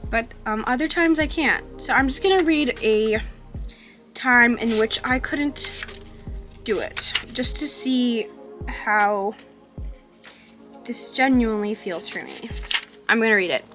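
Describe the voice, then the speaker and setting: A young woman talking candidly in a personal vlog about living with chronic illness, halting and full of fillers, with soft laughs. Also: fairly high pitch, soft background music. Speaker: vlogger.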